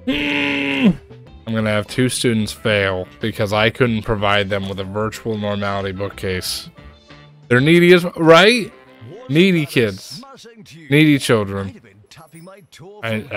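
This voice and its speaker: A man streamer doing gameplay commentary, grumbling and frequently jumping into high-pitched, exasperated outbursts at the game. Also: lively intonation, unhurried, a bit bright, soft background music.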